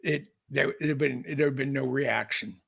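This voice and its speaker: A man's voice: medium pitch, steady tone, a little slow, gravelly, fairly bright tone, husky. An older man, a podcast guest, telling a long story in a folksy, rambling way with many restarts. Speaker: podcast guest, aviation historian. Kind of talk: storytelling in casual conversation.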